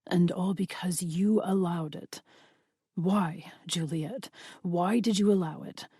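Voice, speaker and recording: A silky, menacing male vampire lord speaks low and unhurried, voiced by a woman reading the audiobook. His velvety tone stays quiet and possessive. The sound is close and dry. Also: slightly rough, no echo, full character voice.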